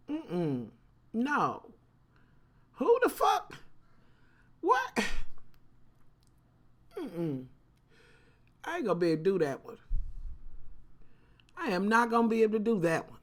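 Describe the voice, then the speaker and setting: A woman's voice: on the low side, sing-song, normal speed, long pauses. A woman vlogger telling a story casually and talking straight to her viewers, cursing freely and with lots of animation.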